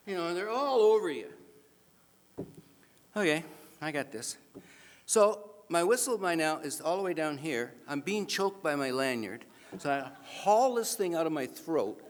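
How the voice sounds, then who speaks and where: A man giving an animated, self-mocking storytelling speech at an awards event, acting out the other people in his story. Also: a little high, moderate pace, long pauses. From Canada. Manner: animated, self-mocking anecdote with acted-out voices. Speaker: awards speaker. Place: banquet hall. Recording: reverberant hall PA sound.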